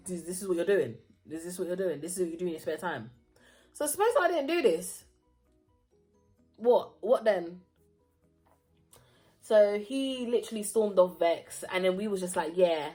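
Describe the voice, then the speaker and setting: Young vlogger, lively storyteller, wide-ranging voice, soft music under. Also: female voice, lowish voice. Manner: animated, acts out voices, laughs often. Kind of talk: casual storytime.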